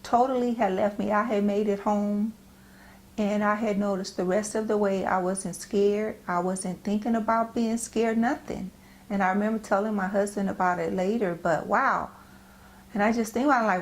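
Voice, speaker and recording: A middle-aged woman from the United States giving a personal devotional talk. She speaks earnestly and gently, often halting and repeating phrases as she goes. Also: medium pitch, steady tone. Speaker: Christian speaker.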